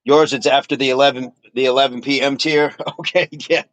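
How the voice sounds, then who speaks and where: A man's voice: medium pitch, fairly even intonation, a little fast, a bit bright, dry recording. Guy chatting on his workout livestream, laughs a lot, repeats himself, dry sound. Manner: chatty and playful, laughs often, repeats phrases. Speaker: fitness livestream host. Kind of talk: casual livestream chat, reading viewer comments aloud.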